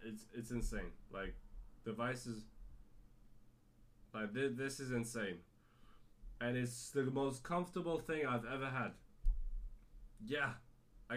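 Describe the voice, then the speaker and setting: A man hosts his own casual solo podcast in a British-leaning accent that sometimes drifts toward American. His voice is an ordinary middle pitch for a man, and he rambles excitedly, swears freely, and keeps restarting sentences.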